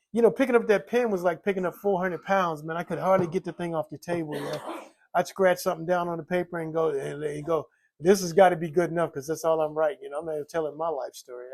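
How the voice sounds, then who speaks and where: Older man with a gravelly voice sharing his recovery testimony, rambling and candid. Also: fairly high pitch, a little mellow. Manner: rambling, many "you know" fillers, acts out quoted voices. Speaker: recovering alcoholic telling his story.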